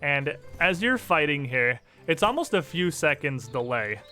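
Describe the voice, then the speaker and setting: A man runs a tabletop game, his voice bright and crisp. He describes the action loosely and laughs easily as he narrates. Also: fairly high pitch, sing-song, measured pace, faint music behind. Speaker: game master.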